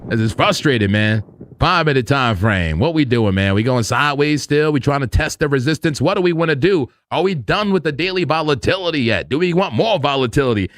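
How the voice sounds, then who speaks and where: A man hosting a casual live crypto trading stream who talks excitably, laughs loudly and repeats himself. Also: mid-range voice, a little fast, slight background noise.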